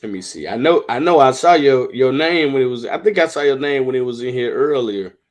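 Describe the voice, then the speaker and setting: A man hosting a live stream, chatting in a relaxed, talky and animated way. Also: mid-range voice, a little fast. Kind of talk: casual chat on a live stream.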